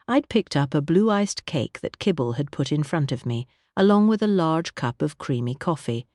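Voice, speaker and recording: A woman narrating a mystery novel as an audiobook in a measured, wry manner. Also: low-pitched, animated, darkish tone, no echo, clean studio sound.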